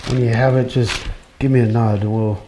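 A man's voice: mid-range voice, flat delivery, moderate pace, warm tone, a little hiss or hum. A middle-aged man giving an informal, earnest church talk, speaking personally and conversationally. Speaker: lay preacher.

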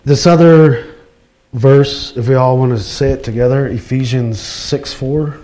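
A man's voice: mid-range voice, unhurried, dark tone. A middle-aged man giving an informal, earnest church talk, speaking personally and conversationally. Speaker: lay preacher.

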